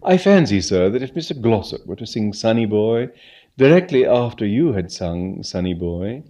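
A man voicing a calm, clever male valet who speaks softly in a measured, formal way. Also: on the low side.

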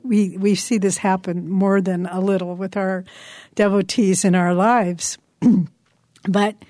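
A woman's voice: mid-range voice, level tone, a little mellow, no room sound, clean studio sound. Earnest woman giving a meditation talk. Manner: earnest, slows words down for emphasis. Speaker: spiritual teacher.

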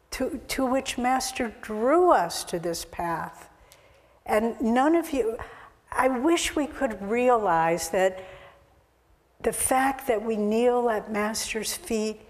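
A woman spiritual teacher giving an earnest, exhortative sermon, recorded with long hall reverb. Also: on the high side.

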